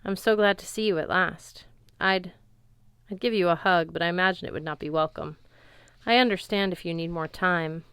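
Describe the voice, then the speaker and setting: A woman voicing a calm, gentle male god speaking formally to his son. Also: on the low side, smooth, dry recording, clean studio sound. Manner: solemn, measured, formal.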